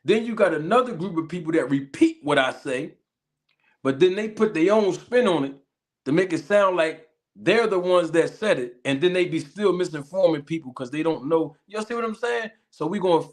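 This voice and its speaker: A man from Philadelphia with a Philly accent hosting a casual livestream, greeting viewers with drawn-out shout-outs and catchphrases while a little sick. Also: fairly high pitch, expressive. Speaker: livestream host.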